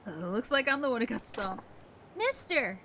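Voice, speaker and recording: Sex: woman. Role: gamer. Tone: bright and excitable. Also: fairly high pitch, moderate pace, slight background noise. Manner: joking, swearing, excitable. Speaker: streamer playing a video game. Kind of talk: casual let's-play commentary.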